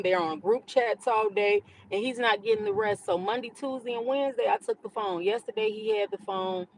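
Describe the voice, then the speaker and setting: A woman's voice: mid-range voice, slight background noise, low-quality recording. Chatty middle-aged woman talking while driving. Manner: chatty, candid, vents loudly about other drivers. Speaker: vlogger. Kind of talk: casual chat while driving. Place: in a car.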